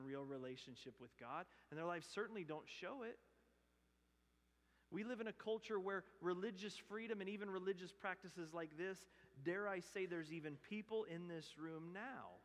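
A male pastor preaching a sermon, rising to loud emphatic bursts and dropping to hushed, earnest pleading. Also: sits high. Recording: long hall reverb.

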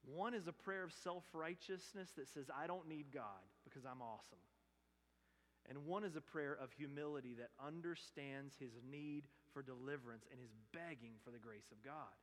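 A male pastor delivering an impassioned sermon in a church sanctuary. His voice sits a bit higher than most men's, swinging between loud emphatic bursts and hushed pleading. A long reverb trails every phrase. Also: moderate pace, hardly any pauses.

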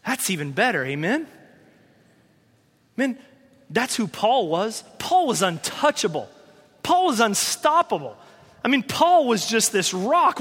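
A man preaching a sermon from North Carolina, telling stories with lively acted-out voices and quotes. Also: extremely high pitch. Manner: animated storytelling, acting out voices and quotes. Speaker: pastor. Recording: long hall reverb.

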